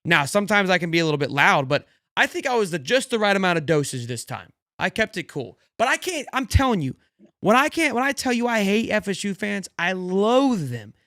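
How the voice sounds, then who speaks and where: A man with a big, loud voice, co-hosting a sports podcast and boasting about trash talk in casual banter. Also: high voice, big pitch swings, brisk, no echo, studio quality.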